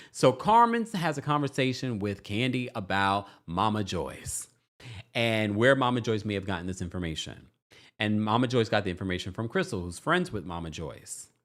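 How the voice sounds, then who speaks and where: Guy recapping a reality show, super lively up-and-down voice, does little voices for everyone. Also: fairly low pitch. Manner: animated, acts out quotes in voices, laughs often. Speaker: podcast host.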